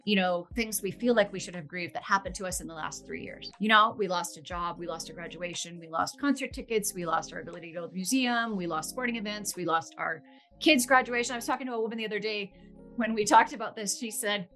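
A woman's voice: mid-range voice, quick pace, bright, forceful tone, faint music behind. A woman talking earnestly and expressively as a podcast guest, laughing easily and using fillers like "you know.". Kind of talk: conversational podcast interview.

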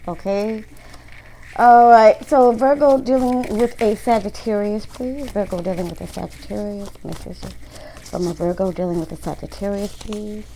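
A woman's voice: mid-range voice, darkish tone, slight background noise, low-quality recording. A woman doing a casual tarot reading, talking bluntly to her viewers and swearing freely. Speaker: tarot reader.

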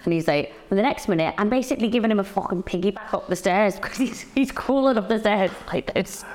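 A lively woman is a guest on a casual podcast. She tells stories with energy, acting out what people said and swearing freely along the way. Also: mid-range voice, quick pace. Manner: lively storyteller, swears, acts out quotes. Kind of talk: casual chat.

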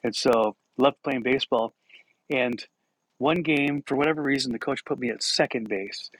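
A man's voice: medium pitch, moderate pace, a bit bright, low-quality recording. A man hosting a podcast, telling a personal story in a casual, self-deprecating way with chuckles. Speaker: podcast host.

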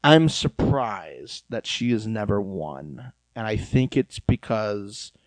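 A man's voice: fairly low pitch, sing-song, takes it slowly, dry recording, low-quality recording. A man co-hosting a casual podcast, chatty and gossipy, often acting out what others say. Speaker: podcast co-host. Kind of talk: casual chat about reality TV.

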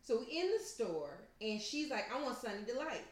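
A lively woman spins a profane story in casual conversation, her pitch bouncing high and low as she acts out the people in it. She laughs often and sits a touch above the usual pitch. The room around her is echoey. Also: normal speed.

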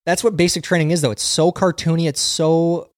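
A man's voice: on the high side, level tone, fairly quick, no room sound. A young man hosts a laid-back podcast, telling funny stories and breaking into laughter often. He swears casually. His voice sounds dry and close to the mic. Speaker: podcast host. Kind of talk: casual podcast chat and storytelling.

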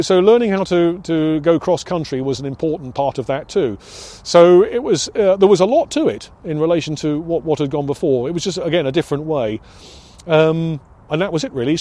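Speaking with a fairly high but darkish voice, an elderly British man recalls his years as a pilot instructor for an oral history project. He comes across as reflective, with frequent hesitations and restarts.

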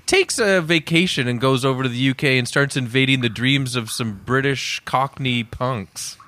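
Bright-voiced man co-hosting banter. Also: moderate pace, no room sound. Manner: playful, pitching silly prompts. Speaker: podcast co-host. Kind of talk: comedy interview banter.

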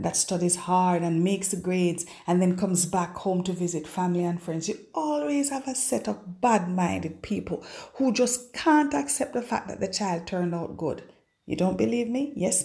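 A woman teaching a devotional Bible lesson, telling it as an expressive, dramatic story. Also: on the low side, creaky. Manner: expressive, dramatic storyteller who acts out scripture.

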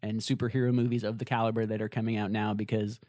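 A man co-hosting a casual movie review chat, animated and playful, with quick asides. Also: fairly low pitch, no echo, clean studio sound. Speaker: podcast co-host.

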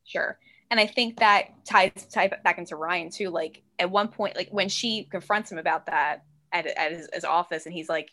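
A woman co-hosting a podcast, talking in a lively, casual way, acting out quotes and swearing freely. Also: normal speed. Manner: animated, acts out quotes with big pitch jumps. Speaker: podcast co-host. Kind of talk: casual chat.

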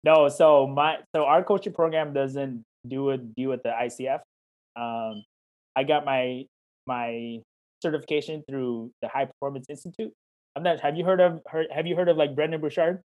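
A man's voice: mid-range voice, steady tone, normal speed. A man speaking as a life coach over a video call, his voice sitting in an ordinary middle range. He talks casually and encouragingly, slipping into quoted back-and-forth to make his points. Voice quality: warm, encouraging, talks in questions and quoted dialogue. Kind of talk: interview answers, casual chat.

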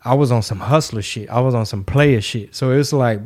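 A man from Texas hosting a podcast, telling stories in a casual, slangy and animated way. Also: mid-range voice, normal speed. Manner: animated, slangy, acts out quoted voices. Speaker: podcast host and rapper. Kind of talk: casual storytelling.

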